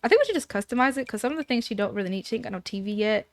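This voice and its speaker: Animated woman narrating a life-sim game. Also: a little high, racing, no echo. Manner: animated, retells scenes with "she's like" and acted quotes. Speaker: gameplay narrator. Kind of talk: casual let's play commentary.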